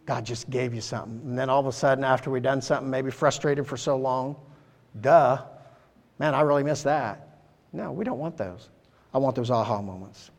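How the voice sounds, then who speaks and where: A man's voice: mid-range voice, a little mellow. A man preaching a sermon as pastor, earnest and conversational, with many fillers and restarts. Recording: long hall reverb.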